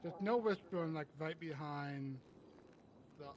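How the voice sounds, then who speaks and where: Polite role-play judge, higher voice. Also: male voice, unhurried. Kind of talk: presiding over a role-play court. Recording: voice chat with background noise.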